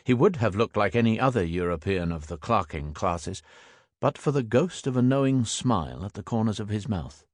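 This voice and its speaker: A man reading a historical thriller audiobook in a measured, even storytelling voice. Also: fairly low pitch, slightly rough, no room sound, studio quality. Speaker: audiobook narrator. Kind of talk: scripted audiobook narration.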